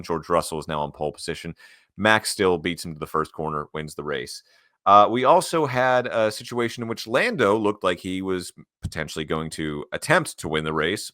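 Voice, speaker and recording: A man with a low voice hosts a casual sports podcast. He talks in an animated, joking way and walks through the story at length. The sound is dry and close. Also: dry recording. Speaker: podcast host.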